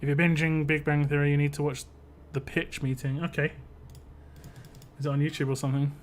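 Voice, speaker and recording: A man's voice: a little high, flat delivery, a little fast, a little hiss or hum. A man from the United Kingdom hosting a live game stream, chatting casually with viewers in a rambling, self-interrupting way. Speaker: live-stream gaming host. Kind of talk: casual chat while playing a game.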